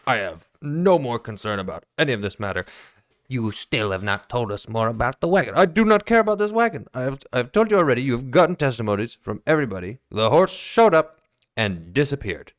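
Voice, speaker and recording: A fussy, evasive circus ringmaster, played by a man, who stammers and pleads as he dodges questions. His low voice swoops about with lively pitch, recorded dry and close. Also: moderate pace, dry recording. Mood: flustered. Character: flustered fussy male ringmaster, businesslike and evasive.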